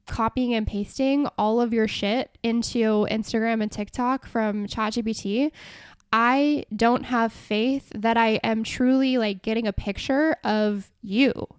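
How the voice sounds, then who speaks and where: Young female host, casual solo rant, frank and filler-heavy, slightly high pitch, dead-dry close mic. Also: fairly even intonation, a little slow, clear, resonant tone, no echo. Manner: chatty, frank, lots of fillers and swearing. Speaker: podcast host.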